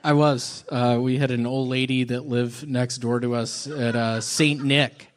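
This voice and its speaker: A man in his thirties delivers strange one-liners in a slow, halting deadpan, leaving odd gaps between his words. He speaks from a comedy club stage, with a middle-pitched voice. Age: 30s. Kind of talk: deadpan stand-up set.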